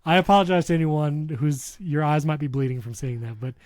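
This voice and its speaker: A man co-hosting a casual tech podcast, excitable and ranting, laughing often. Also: a little high, a little fast, no room sound. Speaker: podcast co-host.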